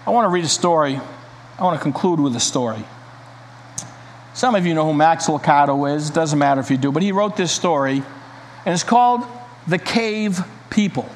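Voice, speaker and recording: High-voiced preacher guy, slow and earnest, echoey hall, bit of hiss. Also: animated. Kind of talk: sermon with read-aloud story. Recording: reverberant hall, faint hiss.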